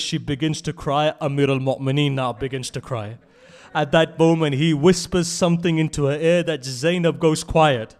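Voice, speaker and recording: A man giving a mourning sermon that moves from hushed, low telling to loud, high, tearful pleading, choked with tears. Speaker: speaker at a memorial gathering. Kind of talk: Shia majlis sermon with mournful recitation.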